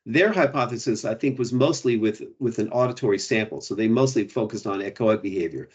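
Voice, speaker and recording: A man's voice: lowish voice, fairly quick, highs cut off. A man presenting, answering audience questions in a hesitant, explanatory way with many restarts. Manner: hesitant, restarts, frequent "you know" and "right". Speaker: guest presenter. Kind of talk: academic Q&A answers.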